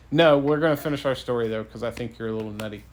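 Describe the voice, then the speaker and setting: A father telling his child a bedtime story in a playful, relaxed way. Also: medium pitch, a little fast.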